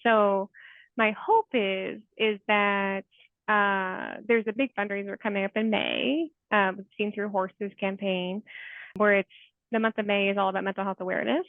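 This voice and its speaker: A woman's voice: mid-range voice, fairly even intonation, normal speed, no room sound. Chatty woman in her forties, tinny call. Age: 40s. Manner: chatty and heartfelt, with many "like" fillers and soft laughs. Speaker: therapist guest. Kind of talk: casual interview chat. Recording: tinny phone-like call audio.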